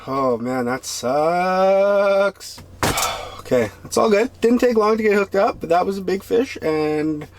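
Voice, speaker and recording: A man talking casually to camera while ice fishing on a frozen lake, breaking into excited exclamations. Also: high-pitched, slow pace, background noise. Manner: excitable, bursts into loud exclamations. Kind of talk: casual outdoor vlog commentary.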